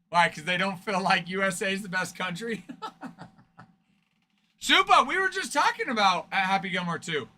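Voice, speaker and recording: A man's voice: high voice, animated, normal speed, pauses often, bright, forceful tone. A man hosting a card break stream, chatting casually with viewers, joking and laughing often. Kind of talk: casual livestream chat with viewers.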